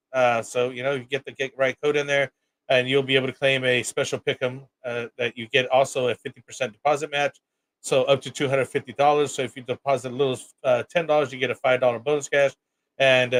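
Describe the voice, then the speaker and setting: A man's voice: medium pitch, a bit bright. A man co-hosting a live fantasy football stream, casually reading a sponsor promo with many fillers and restarts. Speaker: co-host.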